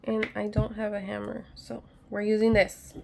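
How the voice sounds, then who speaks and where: A woman's voice: medium pitch, completely flat delivery, moderate pace, gravelly, a little mellow. A woman talking casually to her viewers while doing a craft repair at home, chatty and a little nervous, joking about her own methods. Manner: chatty, nervous, self-deprecating, talks to viewers while working. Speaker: craft vlogger. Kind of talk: casual DIY tutorial chat.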